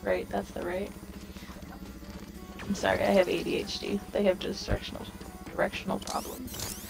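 A woman's voice: medium pitch, level tone, moderate pace, creaky, low-quality recording. A woman chatting casually while playing a game, joking about herself. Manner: chatty, self-deprecating. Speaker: gamer. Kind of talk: casual gaming chat. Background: game music.

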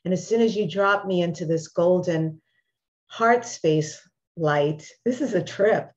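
A woman hosting a podcast who asks searching questions in a casual, halting way. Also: lowish voice. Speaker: podcast host. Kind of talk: casual interview chat. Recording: dull, lo-fi remote audio.

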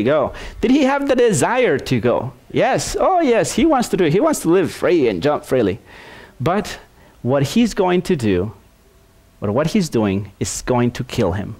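A male pastor preaching a sermon, telling a story in an animated way with many restarts and repeated words. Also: on the high side, moderate pace.

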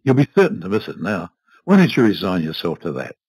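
A man's voice: low voice, big pitch swings, fairly quick, a little mellow, husky, no room sound, heavily acted, rough recording. A man voicing a cold, domineering old husband who speaks curtly and dismissively. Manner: curt, dismissive, clipped.

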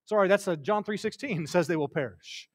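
Impassioned high-voiced preacher. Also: male voice, fairly quick. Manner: impassioned, swings from loud to hushed. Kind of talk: sermon.

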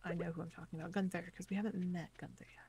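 A woman's voice: on the low side, fairly even intonation, rapid-fire, warm tone, a little hiss or hum. A woman streamer chatting casually to herself as she plays a farming game, narrating each step. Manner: chatty, talks to herself while playing. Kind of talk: casual gameplay commentary. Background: game music.

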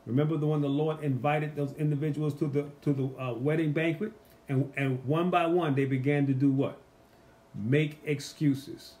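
A man teaching a casual Bible study, animated and emphatic, asking the group rhetorical questions. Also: a little high, normal speed.

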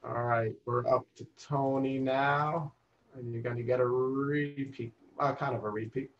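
A man's voice: medium pitch, steady tone, unhurried, muffled recording. A man leading a casual group lesson, explaining meanings patiently and repeating phrases. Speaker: Italian teacher.

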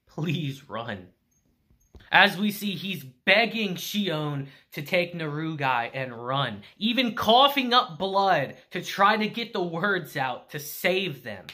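A man recapping an anime episode in casual review style, animated and emphatic, swearing freely. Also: high voice, slow, hardly any pauses.

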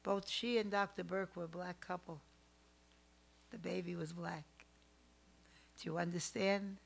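An older woman telling family stories as a podcast guest, animated, swinging between loud outbursts and hushed asides. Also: lowish voice, unhurried, vocal fry. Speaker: psychic guest. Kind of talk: storytelling in a podcast interview.

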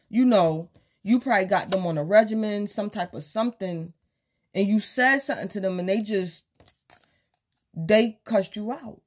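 Speaking straight to the viewer, a female tarot reader casually does a reading and voices quotes from imagined people. She has a medium-pitched, slightly mellow voice.

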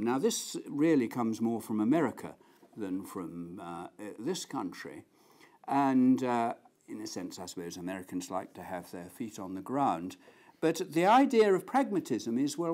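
Male lecturer, storyteller, lively rising-and-falling delivery. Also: medium pitch. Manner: storytelling, acting out quoted voices. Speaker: philosophy lecturer. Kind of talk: academic lecture.

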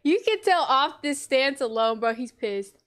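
A woman's voice: high voice, lively intonation, a little slow, fairly bright tone, clear, resonant tone. A young woman doing blunt, slangy reaction commentary on a video. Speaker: reaction vlogger.

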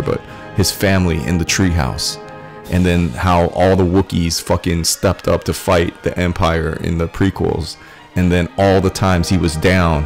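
A man ranting in a casual, profane, rambling way that builds to excited shouting. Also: sits low, creaky. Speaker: vlogger.

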